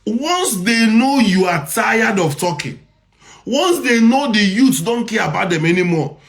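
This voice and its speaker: A man's voice: sits high, big pitch swings, unhurried, a bit bright. A man with a Nigerian accent giving impassioned commentary, repeating his points and firing rhetorical questions. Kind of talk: impassioned social media commentary.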